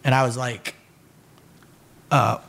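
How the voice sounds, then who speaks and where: Profane, animated male storyteller. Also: medium pitch, normal speed. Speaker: podcast guest. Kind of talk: casual storytelling conversation.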